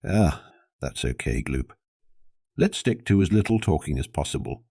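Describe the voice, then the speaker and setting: Man doing a long-suffering human teacher for an audio story, very deep voice, dry close sound. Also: animated, moderate pace, creaky, dark tone, dry recording, heavily acted. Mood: patient.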